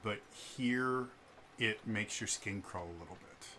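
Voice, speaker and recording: A man narrating as game master in a tabletop game, unhurried and halting, with many fillers. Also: lowish voice, bright, forceful tone, slight background noise.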